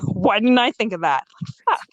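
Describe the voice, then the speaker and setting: A woman's voice: mid-range voice, moderate pace, dry recording. Foul-mouthed young woman telling a story. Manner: swears freely and acts out quoted dialogue; lively, frank and joking. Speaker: podcast guest. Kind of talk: casual storytelling chat.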